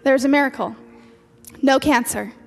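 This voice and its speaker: A woman's voice: high voice, normal speed, gravelly. A woman preacher delivering an earnest sermon, repeating key phrases for emphasis. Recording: long hall reverb with faint music.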